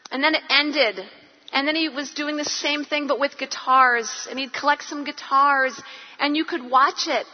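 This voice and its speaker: A middle-aged woman giving an animated, chatty talk to an audience of women about parenting, acting out little quotes as she goes. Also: high-pitched, long reverb tail, lo-fi sound. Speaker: speaker at a women's parenting event.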